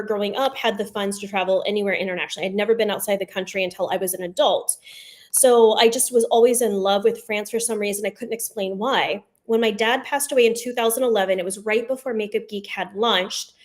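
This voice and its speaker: A woman who founded a fragrance brand, hosting a live launch stream and chatting openly with viewers. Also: on the high side. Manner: chatty, emotional, addresses viewers as "you guys". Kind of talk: casual live-stream chat.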